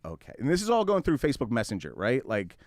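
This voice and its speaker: A man hosting a radio talk show, telling a long story in a casual, animated way, swearing freely and acting out both sides of the conversation. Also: mid-range voice, quick pace, no echo, clean studio sound. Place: studio.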